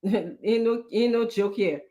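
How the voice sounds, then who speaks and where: A woman, a guest giving measured political commentary on a talk show. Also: medium pitch, mellow. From Liberia.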